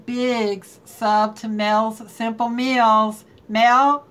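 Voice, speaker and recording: A woman's voice: fairly high pitch, level tone, extremely slow, a bit bright. A woman hosting a casual live stream, chatting and greeting viewers by name and laughing often. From North Carolina.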